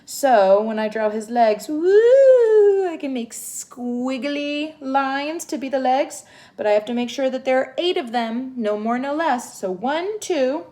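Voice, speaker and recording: A young woman giving a home literacy lesson to young children, sounding out words slowly and gently. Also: high voice. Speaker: teacher.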